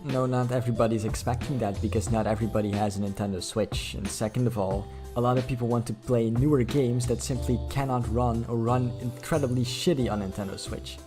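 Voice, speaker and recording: A man's voice: mid-range voice, steady tone, a little fast, few pauses, music in the background. A man hosting a reaction video, answering a clip with blunt, sarcastic, profane rebuttals. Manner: sarcastic, blunt, swears freely.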